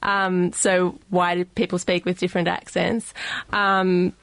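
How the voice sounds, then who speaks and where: A woman with an Australian accent, a guest expert, explaining in a radio studio in a measured way with frequent filler pauses. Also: fairly low pitch, flat delivery, clean tone, dry recording.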